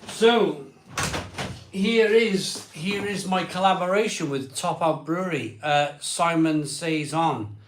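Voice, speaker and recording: A man's voice: on the high side, takes it slowly, reverberant, slight background noise. A man hosting a casual live stream, chatting in a rambling way. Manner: chatty, rambling, frustrated sighs. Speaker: live show host.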